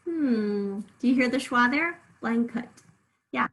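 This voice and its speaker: Bright-voiced woman teaching spelling. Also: a little high, lively intonation, poor audio. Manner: patient, encouraging, sounds out syllables slowly. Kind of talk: spelling lesson.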